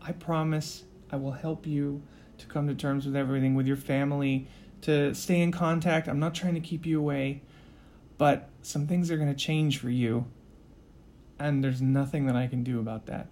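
A man voicing an earnest young male rescuer who talks softly and quietly, stumbling over his words as he apologizes and pleads. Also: a little high, steady tone, slight background noise, lightly acted. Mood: gentle pleading. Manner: soft, quiet, halting with repeated restarts.

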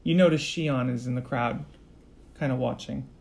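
A man's voice: medium pitch, moderate pace, gravelly. A man acting as game master, narrating a tabletop role-play game in a casual, loose way.

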